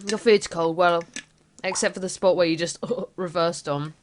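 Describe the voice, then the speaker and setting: A woman's voice: lowish voice, steady tone, normal speed, a little hiss or hum, voice pushed down, lightly acted. A woman voicing a worried, controlling middle-aged mother as she reads a game's dialogue aloud. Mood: pleading. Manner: reading game text aloud in character.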